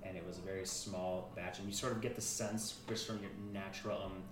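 A man narrating a tabletop game as game master, animated and halting, with many restarts. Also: low voice. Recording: roomy room, distant mic.

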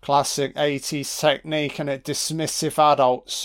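A man talks through a film as he watches it, dropping sarcastic jokes and constant swearing. He speaks at an unhurried pace in a smooth, clear voice, with a middling pitch. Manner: sweary, sarcastic, reacting live. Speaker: film commentator. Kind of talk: audio film commentary.

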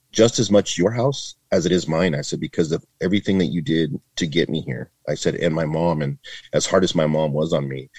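Low-voiced retired man telling stories. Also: darkish tone, breathy edge, no echo. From Northern California. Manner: chatty, heavy with "like" and "man", acts out quoted voices. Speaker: podcast guest, retired border agent. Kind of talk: casual interview storytelling.

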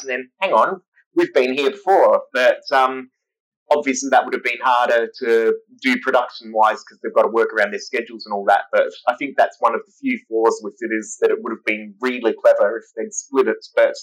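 Chatty, enthusiastic podcast co-host. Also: male voice, mid-range voice, low-quality recording. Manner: enthusiastic, long flowing opinions. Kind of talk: casual podcast chat.

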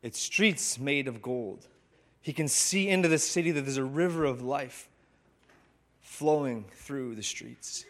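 Male pastor telling a sermon story, unhurried, reflective, with long pauses. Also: mid-range voice. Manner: slow, reflective, with dramatic pauses.

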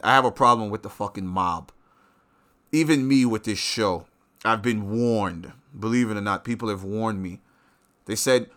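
Male host, bright edgy tone; swearing rant that flares into loud bursts. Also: fairly low pitch. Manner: profane, animated ranting with sudden loud outbursts. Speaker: show host. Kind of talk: ranting monologue.

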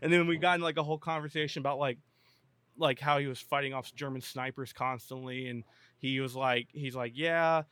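Animated storytelling man, bright voice. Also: medium pitch, brisk, clear, resonant tone, no room sound. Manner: animated, acts out both sides of a dialogue. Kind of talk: casual storytelling chat.

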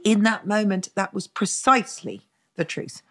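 A woman's voice: mid-range voice, normal speed. A middle-aged woman, a therapist being interviewed, tells her own story candidly and bluntly. She acts out the voices of other people and swears freely. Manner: lively and blunt, acts out quoted dialogue, swears freely, laughs often.

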